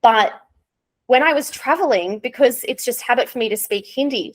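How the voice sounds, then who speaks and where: A woman's voice: on the high side, brisk. A young woman with an Australian accent, an English teacher chatting candidly in an interview and laughing often. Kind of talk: casual interview chat.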